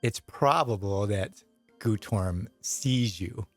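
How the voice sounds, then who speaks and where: A man's voice: lowish voice, slow pace, no echo, faint music behind. Laid-back man narrating a tabletop game. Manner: loose, rambling, laughs often. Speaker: game master.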